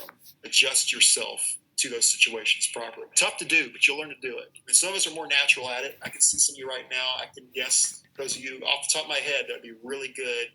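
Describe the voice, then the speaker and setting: Bright-voiced man lecturing a class. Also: mid-range voice, a little hiss or hum, low-quality recording. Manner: casual, direct, tells work stories. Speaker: radiology instructor.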